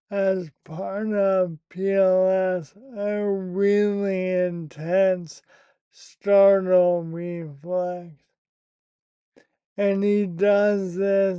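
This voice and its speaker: A man telling a personal story in a candid, profane monologue, slow and matter-of-fact. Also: sits high, smooth, no echo, highs cut off. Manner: slow, candid and profane, recounting an upsetting event.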